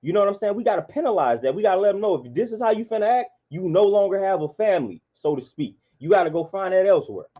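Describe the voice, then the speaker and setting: A man's voice: sits high, animated, quick pace, few pauses. A man, delivering an impassioned monologue in a preachy, repetitive, emphatic way. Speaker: vlogger. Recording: dull lo-fi sound.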